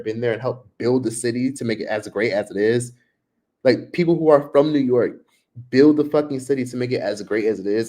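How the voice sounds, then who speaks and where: A man's voice: mid-range voice, mellow. A man hosting a livestream, ranting casually and profanely straight to his viewers. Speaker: livestream host.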